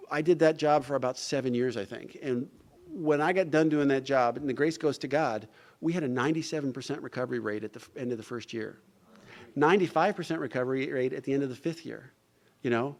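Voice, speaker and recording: A middle-aged man from New Jersey speaks at a recovery meeting, recounting his story and slipping into the voices of the people in it. His pitch sits in an ordinary middle range, and he keeps dropping "you know" between sentences. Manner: storytelling, acts out dialogue; frequent "you know" asides. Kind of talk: personal recovery talk. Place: event hall.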